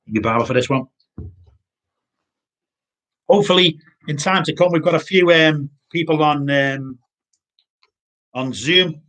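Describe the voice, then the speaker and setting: A man giving an informal sermon, halting with many restarts and repeated words. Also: fairly high pitch, fairly bright tone. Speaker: pastor.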